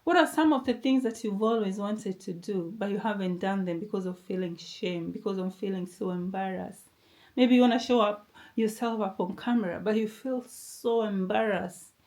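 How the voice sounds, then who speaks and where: A woman's voice: medium pitch, a little mellow. A woman vlogger giving an earnest motivational talk to camera, encouraging the viewer and asking them questions.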